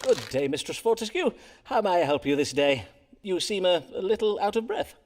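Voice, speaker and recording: A florid Elizabethan doctor-astrologer. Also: male voice, high-pitched, big pitch swings, a little hiss or hum. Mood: playful. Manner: archaic, florid phrasing with theatrical pauses. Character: Elizabethan male astrologer-physician, pompous and theatrical. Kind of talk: voiced game dialogue in Elizabethan English.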